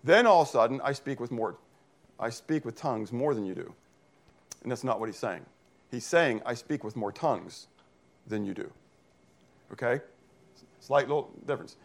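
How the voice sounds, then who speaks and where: A man's voice: medium pitch, animated, normal speed, gravelly, pauses often. A man from Pennsylvania preaching a sermon in church as pastor, reading scripture and explaining Greek words, checking in with the congregation often. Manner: teaching, checks in with frequent "okay?".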